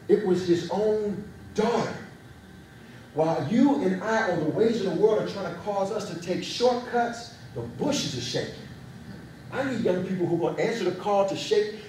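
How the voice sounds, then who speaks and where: A young man giving a motivational speech to a youth audience, telling animated stories. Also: sits high, slight background noise. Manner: animated storyteller. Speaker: youth speaker. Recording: echoey hall, mic far off.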